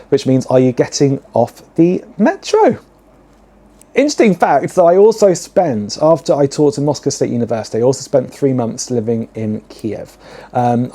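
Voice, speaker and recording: Dark-voiced British man, cheeky chatter. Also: mid-range voice. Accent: British English. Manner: cheeky, digressive, camp asides. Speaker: drag podcast host. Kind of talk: casual chatty monologue.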